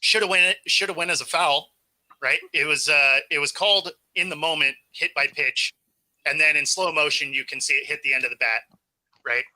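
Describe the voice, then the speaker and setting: Bright-voiced man chatting baseball. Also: fairly high pitch, normal speed, low-quality recording. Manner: laid-back, laughs easily, talks in run-on explanations. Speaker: sports show co-host. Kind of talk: casual sports chat.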